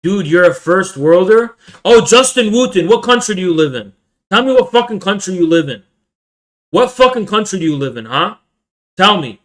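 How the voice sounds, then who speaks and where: A man's voice: sits high, big pitch swings, normal speed, fairly bright tone. A man in his twenties streaming live, ranting at viewers in a profane, hectoring way and repeating himself. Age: 20s. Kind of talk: angry livestream rant.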